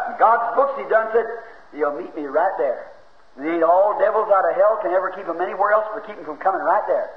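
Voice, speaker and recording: Fervent preacher on old tape. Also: male voice, high voice, slight background noise. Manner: fervent, shouting bursts, folksy grammar. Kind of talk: fiery sermon. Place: church. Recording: echoey lo-fi 1950s church tape.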